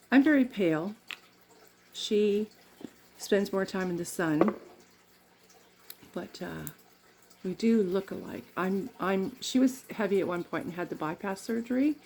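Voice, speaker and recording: A woman's voice: on the low side, darkish tone, a little hiss or hum. A middle-aged woman from Canada chatting in a rambling way while doing her makeup, laughing often. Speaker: makeup vlogger.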